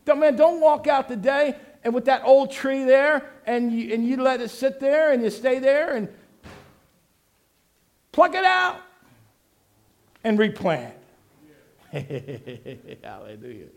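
High-voiced preacher leading call and response. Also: male voice, unhurried, pauses often. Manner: exhorting, shouting refrains, laughing asides. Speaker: pastor.

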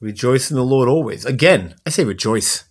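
A co-host on a relaxed, faith-based chat show. The voice moves widely up and down, lively and animated. The manner is playful and prone to joking. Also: mid-range voice, normal speed. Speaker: podcast co-host.

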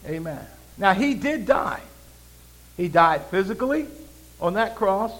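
A man preaching a sermon in a high voice, peppering his lines with hallelujahs and calling on the congregation to answer. He swings from loud proclaiming down to low, conversational asides. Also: lively intonation, a little slow, rough recording. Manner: preaching with call-and-response and frequent hallelujahs. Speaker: pastor.

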